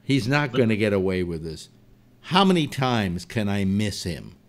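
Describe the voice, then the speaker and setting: A man's voice: on the low side, very animated, normal speed. A man voicing a battered male hunter who mutters stubbornly to himself in a joke. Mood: grudging.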